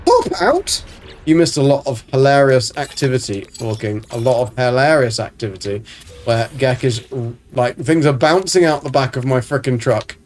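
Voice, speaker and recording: A man's voice: mid-range voice, moderate pace, a little mellow, a little hiss or hum. A man casually commentating a game on a live stream, chatting to viewers, swearing freely and greeting them by name. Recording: faint background music.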